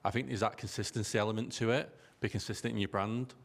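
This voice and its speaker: A man's voice: on the low side, fairly even intonation, fast, creaky. A man on a business panel, talking in a joking, self-deprecating way. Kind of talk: casual panel discussion.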